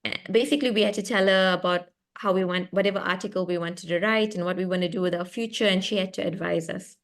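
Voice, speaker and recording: A woman's voice: on the low side, quick pace. A young woman from South Africa with a South African accent, an author animatedly telling a story on a video call, laughing often and restarting her sentences. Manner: animated, laughing, lively and expressive, with self-interruptions. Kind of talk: storytelling in a book club chat. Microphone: computer mic on a video call.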